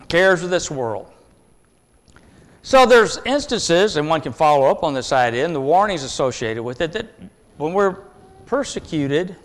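A man preaching a sermon in an earnest, emphatic way, swinging between loud stresses and hushed asides. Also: fairly high pitch, long reverb tail.

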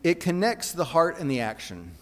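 Man, preacher, earnest conversational sermon, slightly high voice, long hall reverb. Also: big pitch swings, normal speed. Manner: earnest, conversational, with frequent restarts.

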